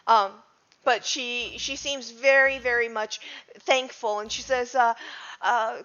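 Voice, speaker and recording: A woman's voice: fairly high pitch, fairly even intonation, slow pace, bright, forceful tone. A woman narrating as game master of a tabletop game, chatty with frequent ums. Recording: dull lo-fi audio.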